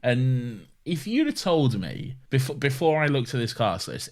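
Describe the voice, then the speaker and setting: Male podcast co-host, sweary film ranter, very expressive pitch. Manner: swearing, ranting, laughs often. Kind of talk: casual film chat.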